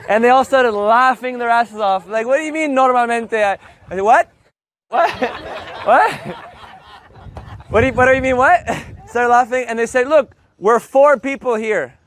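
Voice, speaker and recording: A man from Canada teaching a live Spanish class, telling a story in a playful, animated way and acting out the voices. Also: extremely high pitch, dry recording. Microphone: loudspeaker mic.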